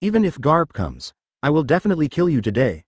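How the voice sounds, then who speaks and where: A savage male pirate captain, bloodied and bent on murder, as a male storybook reader puts him on. The threats come with a lively, rising and falling pitch. The sound is dry and close. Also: fast talker, husky, no echo, exaggerated voice. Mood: menacing.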